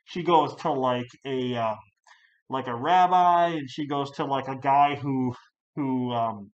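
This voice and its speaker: A man giving a casual spoken movie review, rambling with many fillers and restarts, now and then bursting out loudly. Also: mid-range voice, takes it slowly, muffled recording. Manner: animated, jumps to loud outbursts.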